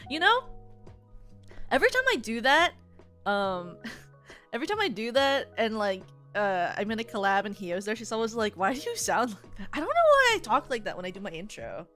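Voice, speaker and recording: A young adult woman streaming live, chatting in a bubbly, rambling way with many fillers and excited squeals. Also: mid-range voice, brisk, soft background music. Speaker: VTuber streamer. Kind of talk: casual live-stream chat.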